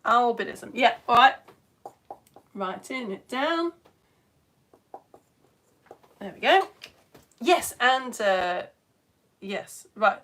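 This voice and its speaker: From her home studio, the UK presenter gushes through viewers' comments with exclamations during a live science lesson for kids. She sounds fairly high, animated and fairly bright, drawing out words and pausing often.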